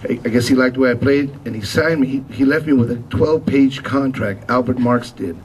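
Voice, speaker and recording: A man tells lively anecdotes to a gathered audience at a memorial, in a mid-pitched voice. He sounds set back from the microphone. A faint hiss runs underneath. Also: fairly quick. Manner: animated storyteller, acts out quotes. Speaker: musician giving a memorial tribute. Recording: distant mic with faint noise.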